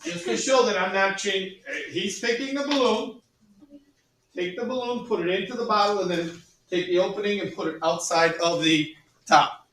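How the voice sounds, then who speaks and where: A male chemistry teacher running a classroom demonstration, joking with students, repeating "all right" and calling the class ladies and gentlemen. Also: sits high, normal speed, slight background noise. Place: school classroom. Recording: echoey classroom from far off.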